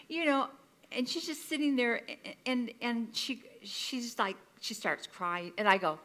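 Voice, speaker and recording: Middle-aged woman minister, bright clear tone, conversational sermon full of self-deprecating personal stories. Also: fairly high pitch, expressive, measured pace, slight background noise. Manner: conversational and self-deprecating, acts out her own past lines.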